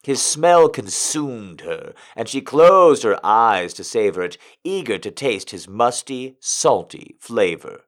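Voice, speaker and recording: Man reading a story with a lively voice. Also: mid-range voice, slow, few pauses. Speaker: narrator.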